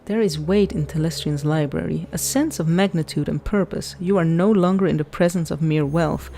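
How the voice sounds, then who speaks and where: Woman gamer narrating a playthrough; mellow voice, dry wry asides. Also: low-pitched, moderate pace, creaky, faint music behind. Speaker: gamer reading game text aloud. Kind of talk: casual game playthrough.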